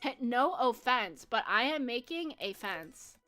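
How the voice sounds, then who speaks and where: Brief: giggly American female streamer, young adult, high and bright, casual chat with viewers. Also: sing-song, a little slow. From United States. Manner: bubbly and giggly, chatting with viewers. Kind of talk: casual live-stream chat while gaming.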